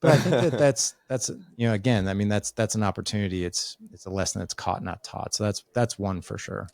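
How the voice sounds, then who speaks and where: The guest is a middle-aged man, an author and father, whose very deep voice is brisk, a little mellow, and touched with vocal fry. Telling family stories on a conversational podcast, he performs the voices of the people in them. The sound is dry and close, with no room sound.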